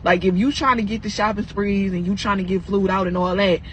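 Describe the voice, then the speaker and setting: A woman's voice: medium pitch, fairly even intonation, fairly quick, a bit bright, a little hiss or hum, rough recording. A young woman in a casual vlog, lecturing with rhetorical questions. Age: young adult.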